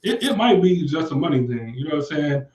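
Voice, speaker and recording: A man with a slightly higher voice co-hosts a casual podcast, reading viewer comments in a laid-back, repetitive way. His voice carries a noticeable room echo. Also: big pitch swings, fast talker, darkish tone. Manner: laid-back, repeats himself, trails off with "like". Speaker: podcast co-host.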